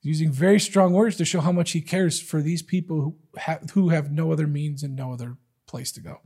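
Conversational male preacher, husky and slightly raised pitch, emphatic. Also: fairly even intonation, brisk, dark tone. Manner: conversational, emphatic Bible teaching. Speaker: pastor. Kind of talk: sermon.

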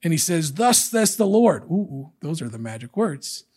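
Man, preacher, sermon, high voice, husky, acts out quotes, animated. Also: normal speed.

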